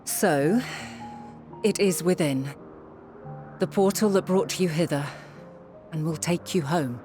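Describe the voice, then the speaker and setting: A woman's voice: on the low side, dark tone. A grave, motherly ancient leader. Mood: solemn. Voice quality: measured, archaic formal speech. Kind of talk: game cutscene voice acting. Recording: game cutscene with music underneath.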